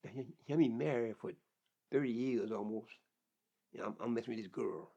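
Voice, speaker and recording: A man's voice: mid-range voice, normal speed, creaky, mellow. An older man telling his life story in an interview, plain-spoken and vivid, often repeating words as he goes. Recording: dull lo-fi recording.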